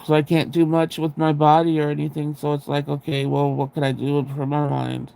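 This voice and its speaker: Kinda high gravelly guy rambling to his stream chat, keeps restarting and laughing at himself. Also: monotone, a little fast, warm tone. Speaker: livestream host. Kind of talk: casual chat with viewers. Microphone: sensitive close microphone.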